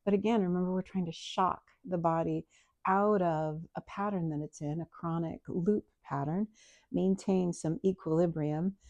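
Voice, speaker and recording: Calm, mellow-voiced woman yoga teacher. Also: on the low side, moderate pace, no room sound, lo-fi sound. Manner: calm, soft-spoken, explanatory. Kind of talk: guided breathing and yoga instruction.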